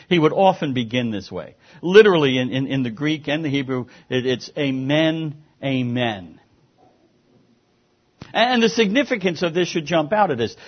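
A man's voice: fairly high pitch, breathy edge, dull audio. A man preaching a sermon as pastor, earnest and emphatic, sometimes stumbling over repeated words.

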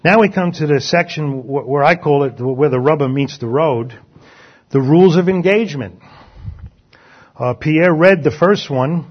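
A male pastor preaching a sermon, reading scripture aloud with lively emphasis. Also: on the high side, normal speed. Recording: dull lo-fi sound.

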